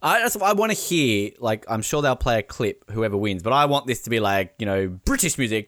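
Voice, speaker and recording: A man hosting a casual podcast, jokey and quick to laugh. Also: lowish voice, animated, a bit bright, dry recording, studio quality. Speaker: podcast host.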